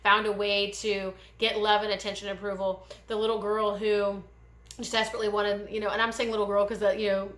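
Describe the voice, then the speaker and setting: A woman giving a gentle, meandering pick-a-card tarot reading, speaking straight to her viewers with many pauses. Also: medium pitch, level tone, echoey room. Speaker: tarot reader.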